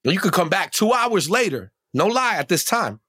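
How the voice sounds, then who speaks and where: A man's voice: sits high, big pitch swings, moderate pace, pushed and bright, slightly rough, no echo. A man, a podcast guest, telling a personal story in a reflective, slangy way, often checking in with "right?". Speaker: podcast guest, emcee and educator. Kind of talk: candid podcast conversation.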